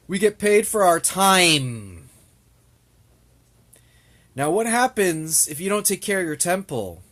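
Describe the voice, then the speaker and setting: A man's voice: medium pitch, fairly bright tone. A young man ranting to camera, exasperated and repetitive, with an annoyed, rambling manner. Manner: exasperated, ranting, repeats himself. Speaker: vlogger.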